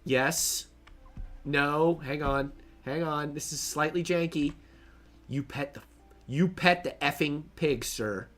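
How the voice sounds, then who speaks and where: Guy streaming a game, talks slow with a bright edge, jokes around and narrates everything he does. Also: a little high, soft background music. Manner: chatty, narrates his own play, jokes and laughs to himself. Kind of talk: casual gameplay commentary.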